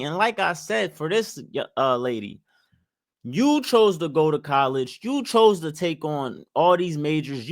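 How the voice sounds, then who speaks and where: A man's voice: high-pitched, dry recording, studio quality. A young man giving blunt, preachy money advice straight to camera, hammering his points with repeated phrases. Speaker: finance commentator. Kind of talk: opinionated direct-to-camera commentary.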